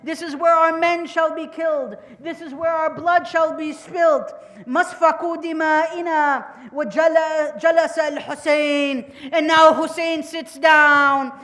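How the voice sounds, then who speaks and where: A woman's voice: high voice, fairly even intonation, fast talker. A woman giving a mourning sermon as majlis speaker, narrating with passion, quoting Arabic phrases and building to cried-out lament.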